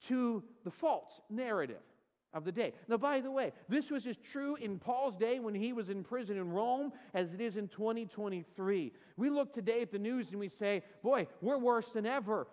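A man's voice: very high voice, moderate pace, big-room sound. A man preaching a sermon as pastor, telling a humorous story and acting out the voices in it, then turning to scripture. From California. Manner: animated storyteller, acts out quotes, self-deprecating humor. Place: church sanctuary.

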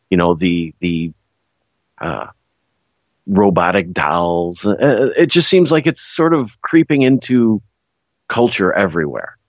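A Chicago-accented man co-hosts a casual radio chat in a lowish voice. He talks in halting bits with restarts and dry teasing. His dry, muffled sound suggests a remote line. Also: no room sound. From Chicago area. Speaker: radio co-host.

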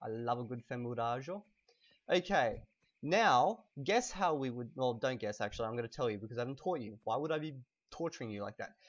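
A young man giving a casual language lesson while playing a video game, relaxed and chatty, slowly stressing words so they can be heard. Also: medium pitch, highs cut off. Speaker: language teacher.

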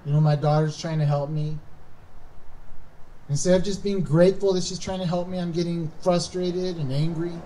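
Casting: high-voiced, mellow-toned male pastor, lively sermon delivery, mic set back with faint noise. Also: moderate pace, recorded from a distance, poor audio. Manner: animated, acts out quoted voices, emphatic rises. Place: church.

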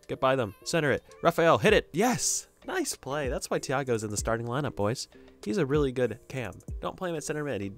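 A young man giving casual, jokey video game commentary, reacting loudly to every play. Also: mid-range voice, sing-song, brisk, soft background music. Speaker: gaming YouTuber.

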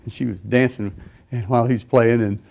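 A man's voice: medium pitch, steady tone, a little fast, creaky, a little mellow. A middle-aged man preaching, telling a personal story in a rambling way with many fillers and restarts. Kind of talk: sermon testimony.

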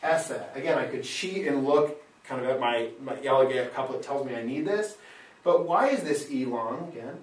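A man's voice: mid-range voice, moderate pace. Male Latin teacher, patient questioner, roomy sound, mic set back. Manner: patient, asks questions and confirms answers. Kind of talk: classroom lesson, scanning verse aloud. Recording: echoey room, mic far off.

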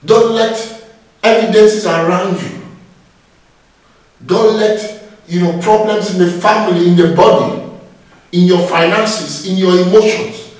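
A man's voice: sits high, fairly even intonation, unhurried, long pauses, heavy reverb, far from the mic, rough recording. A man preaching a sermon, exhorting his listeners and often breaking in with praise. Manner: exhorting, repeats phrases with "Praise God".

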